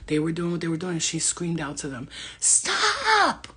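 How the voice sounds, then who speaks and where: A woman's voice: sits low, steady tone, quick pace, husky. A middle-aged woman talking casually as a spiritual medium, laughing often, swearing and speaking animatedly. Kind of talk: casual livestream talk.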